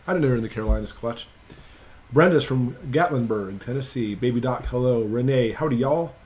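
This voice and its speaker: A man's voice: medium pitch, fairly quick, a little mellow. A man hosting a casual live stream Q&A, reading viewers' names off his computer and greeting each one in an upbeat, chatty way.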